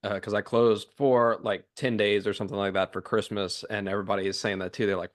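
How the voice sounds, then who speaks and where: A young man co-hosting a podcast, chatting in a relaxed, friendly way with plenty of fillers. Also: fairly low pitch, quick pace. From United States. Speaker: podcast co-host. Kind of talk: casual podcast chat.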